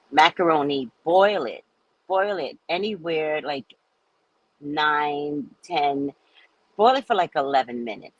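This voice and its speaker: Lively, husky-voiced woman telling stories. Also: deep voice, no echo, low-quality recording. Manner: animated rambling storyteller. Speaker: livestream host. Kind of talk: casual livestream chat.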